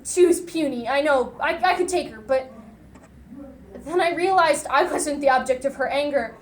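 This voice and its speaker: A young woman performing a dramatic monologue as an unhinged young loner raised by television, lurching between hushed murmurs and shrill outbursts. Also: normal speed, reverberant, slight background noise, close to an everyday voice. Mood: frenzied. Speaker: speech competitor.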